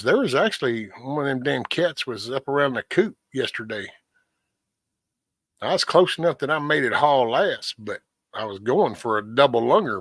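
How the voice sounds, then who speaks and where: A man's voice: medium pitch, a bit bright, breathy edge, dry recording. A middle-aged man hosting a morning livestream, chatting casually and rambling in a folksy way with the odd curse word. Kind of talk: casual morning chat with viewers.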